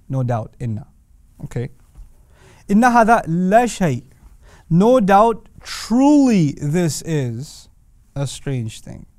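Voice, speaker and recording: A man lecturing on the language of scripture, emphatic and animated, asking rhetorical questions and quoting Arabic verses. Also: on the high side, smooth, no room sound. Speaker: Quran teacher.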